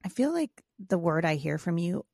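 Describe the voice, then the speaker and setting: A middle-aged woman telling reflective stories about raising her children. Her voice is lowish and gravelly, with noticeable vocal fry. The recording is dry and close, with little room sound. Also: sing-song, normal speed, darkish tone, dry recording. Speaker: podcast co-host. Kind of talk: casual conversation about parenting.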